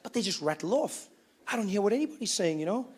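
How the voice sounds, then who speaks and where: Young South African male comic, high light voice, lively self-mocking storyteller. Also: fast, slightly rough. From Johannesburg, South Africa. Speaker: stand-up comedian. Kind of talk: stand-up comedy routine.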